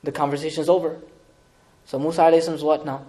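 A man giving an animated lecture on scripture as an Islamic teacher, with lively, dramatic retelling and laughing asides. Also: fairly high pitch, rapid-fire.

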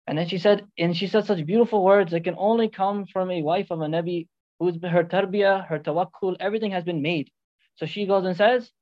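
A religious teacher telling a story as a sermon, often checking in with listeners with a quick "right?" or "okay?" and weaving in short Arabic phrases. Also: mid-range voice. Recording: dull lo-fi recording.

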